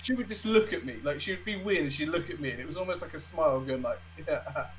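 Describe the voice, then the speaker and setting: A man's voice: a little high, quick pace, slight background noise, rough recording. Chatty young man telling stories. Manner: chatty storyteller, swears freely. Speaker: podcast co-host. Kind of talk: casual chat.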